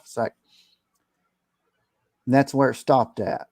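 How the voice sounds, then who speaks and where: Middle-aged preacher guy just chatting, earnest, goes on tangents, slightly high voice, dry close sound. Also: moderate pace, a little mellow, dry recording. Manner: earnest, rambling with restarts, preachy asides. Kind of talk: casual conversation.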